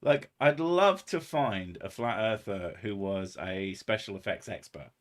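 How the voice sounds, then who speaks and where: A man's voice: medium pitch, fairly bright tone. A man chatting casually on a livestream, rambling and sardonic, with heavy swearing. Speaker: streamer.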